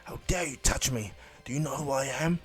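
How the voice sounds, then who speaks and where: A haughty, boastful destroyer god, as a man voices him in a fan retelling, proud and sulky. Middling pitch, told over faint music. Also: steady tone, brisk, lightly acted.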